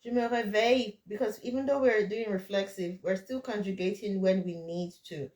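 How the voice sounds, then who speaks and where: A woman's voice: mid-range voice, normal speed, a little mellow, roomy sound. A woman teaching French over a video call, correcting and encouraging her student. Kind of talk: online tutoring session.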